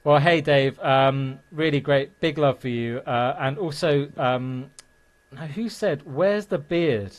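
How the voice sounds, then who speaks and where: A man's voice: medium pitch, takes it slowly. A male host of a live show, reading out viewer comments and bantering with an upbeat manner.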